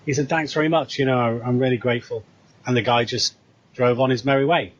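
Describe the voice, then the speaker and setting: A man's voice: mid-range voice, fast talker, dull audio. A British man casually retelling a story, acting out the dialogue as he goes. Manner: animated retelling with quoted dialogue. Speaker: co-host.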